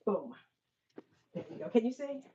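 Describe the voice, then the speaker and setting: A middle-aged woman hosting a live-streamed book event. She is animated and laughs often as she talks to the audience. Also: a little high, normal speed, background noise. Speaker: host and author. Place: bookstore event space. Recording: dull lo-fi sound.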